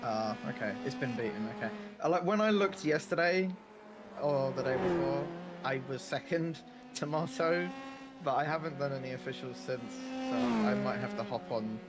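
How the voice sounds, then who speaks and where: A man's voice: medium pitch, animated, moderate pace, over music. A man co-commentating a sim race in casual, playful banter, teasing his partner. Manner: playful, teasing, laughs often.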